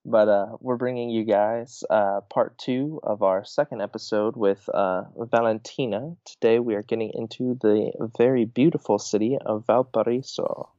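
A male podcast host with a low, mellow voice, introducing the show in a friendly, joking way. The sound is dull and lo-fi, and the room is dry. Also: fairly even intonation, moderate pace, few pauses, no room sound. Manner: friendly, jokey. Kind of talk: casual podcast chat.

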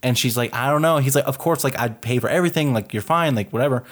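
A man's voice: mid-range voice, quick pace. A man co-hosting a podcast, chatting casually in a rambling, profane way full of fillers. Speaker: podcast co-host. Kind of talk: casual chat.

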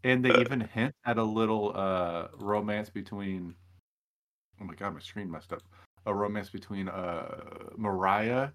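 A young man chatting casually as a podcast co-host, telling stories in a rambling, animated way. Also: fairly low pitch, measured pace. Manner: rambling, animated storytelling with laughs. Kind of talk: casual reality-show recap chat.

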